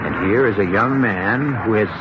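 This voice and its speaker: A man hosting a radio mystery drama, narrating in a measured, wry, deliberate way. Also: on the low side, very noisy. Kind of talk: scripted narration. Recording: dull lo-fi old radio broadcast.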